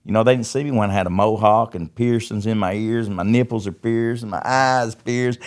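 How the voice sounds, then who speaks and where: A man's voice: on the low side, fairly quick, hardly any pauses. A middle-aged man, a podcast guest telling his life story in a folksy way and often repeating words. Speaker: podcast guest, recovery ministry founder. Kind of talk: casual testimony storytelling.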